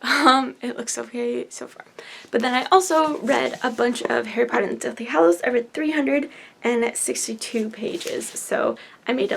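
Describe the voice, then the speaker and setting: A woman in her twenties chats casually and upbeat in a book vlog from her bedroom, her fairly high, creaky voice at normal speed and full of "like" fillers. The camera sits on the bed, and there's slight background noise.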